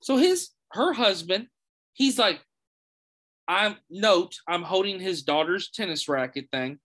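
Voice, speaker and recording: A man's voice: high-pitched, animated, slow pace, fairly bright tone. A man guesting on a podcast, telling funny stories in casual chat and swearing freely. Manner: comic storyteller, swears freely.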